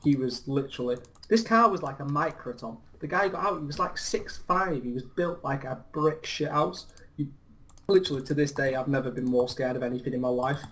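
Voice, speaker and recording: A man's voice: medium pitch, a little fast, fairly bright tone, slight background noise. A young English man chatting over a game, telling stories in a laddish, boastful, swearing way. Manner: laddish, boastful storytelling with laughs. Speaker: co-host. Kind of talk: casual chat over gameplay.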